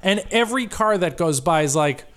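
A man's voice: high-pitched, lively intonation, a little fast, fairly bright tone, smooth. A man co-hosting a podcast, telling a long rambling story in casual, profane chat. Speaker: podcast co-host.

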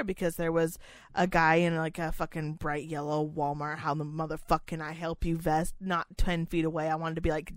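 A woman co-hosting a casual chat. She tells a story in a profane, animated rant. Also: low voice, brisk, dry recording. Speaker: podcast co-host.

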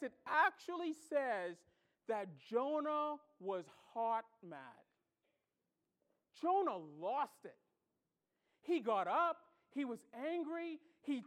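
A pastor preaching a sermon, animated and storytelling, swinging between loud exclamations and hushed asides. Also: male voice, extremely high pitch. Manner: tells stories and acts out reactions.

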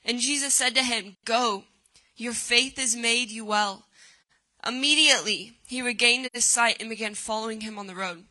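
A woman preaching with a high, very bright, ringing voice. She reads scripture and then retells the story, lifting into dramatic cries at its peaks. Her delivery is earnest and driving. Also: normal speed, rough recording. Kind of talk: sermon.

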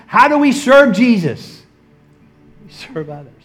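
A man preaching a sermon as pastor, animated, acting out the people he quotes and laughing often. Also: very high-pitched, unhurried, faint music behind.

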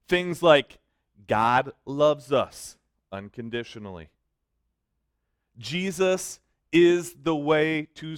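A man's voice: medium pitch, clean tone, dry recording. Man, middle-aged, youth pastor, sermon, emphatic, storytelling, dry close sound. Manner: animated, emphatic, self-joking.

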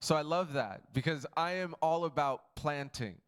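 A man's voice: fairly high pitch, normal speed, clear, resonant tone. A man pastor giving a casual, chatty talk to his church on a handheld mic, laughing often. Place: church building. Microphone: handheld microphone.

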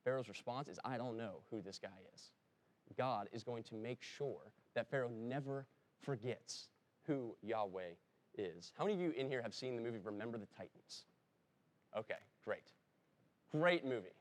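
A man's voice: medium pitch, animated, normal speed. A man preaching a sermon in a conversational way, breaking into emphatic rises when he quotes someone, and stopping now and then to correct himself. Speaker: pastor. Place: church.

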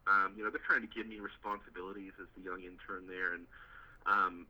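A man's voice: low voice, level tone, a little fast, highs cut off. A young man, a youth pastor, telling a story in a casual interview, rambling with repeated words and many fillers. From Indiana, US.

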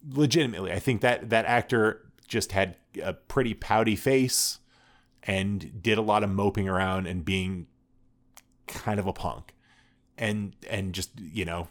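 Male podcast co-host, deep voice, dry and opinionated, casual delivery. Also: a little slow. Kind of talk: casual chat.

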